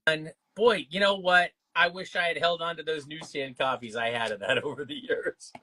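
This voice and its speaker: Guy hosting a live comic sale, bright voice, chatty and upbeat. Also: on the high side. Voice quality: upbeat, quick banter and laughs. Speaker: livestream auction host. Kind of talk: live sales stream chatter.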